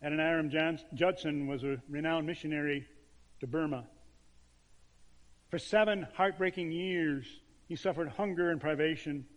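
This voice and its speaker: Emphatic preaching man in a reverberant church. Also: on the high side. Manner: emphatic preaching with dramatic pauses. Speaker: pastor. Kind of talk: sermon.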